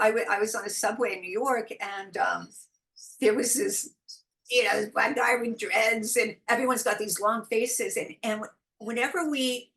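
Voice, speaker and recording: A middle-aged woman from the United States, a guest telling spiritual stories in casual interview chat, animated and quick to laugh. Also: on the high side, rough recording. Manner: animated storytelling, frequent laughs, acts out quoted voices. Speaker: guest, intuitive guide.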